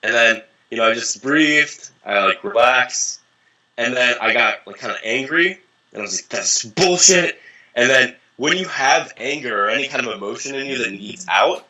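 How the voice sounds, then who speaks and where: Bright-voiced young man telling stories. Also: mid-range voice, normal speed, poor audio. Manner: animated, profane, acts out quoted voices. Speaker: interview guest, dating coach. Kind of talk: casual storytelling.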